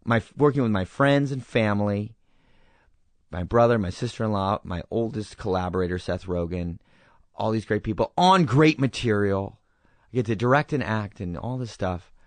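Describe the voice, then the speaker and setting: A man's voice: on the low side, normal speed, no room sound. A man in his thirties, a guest in a casual interview, talking earnestly and reflectively and telling stories with quoted dialogue.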